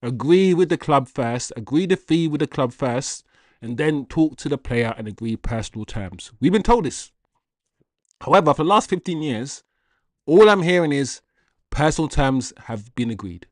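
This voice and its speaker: A young man hosting a casual football livestream, reading viewer comments with slangy, animated chatter and laughter. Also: on the high side, normal speed, no room sound, clean studio sound.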